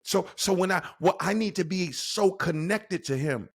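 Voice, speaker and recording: A man with a high, husky voice co-hosts a casual faith podcast. He talks emphatically and acts out lines of inner dialogue. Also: normal speed. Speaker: podcast co-host.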